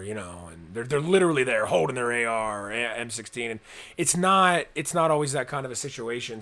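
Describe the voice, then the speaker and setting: A man's voice: medium pitch, bright, forceful tone. A young man co-hosting a casual podcast, talking earnestly and at length, acting out people's inner thoughts as he goes. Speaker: co-host.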